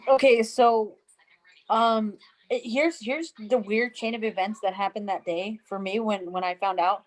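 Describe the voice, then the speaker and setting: A woman's voice: medium pitch, fairly even intonation, unhurried, low-quality recording. A woman chatting casually on a panel show, telling a story and acting out the quotes. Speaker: co-host.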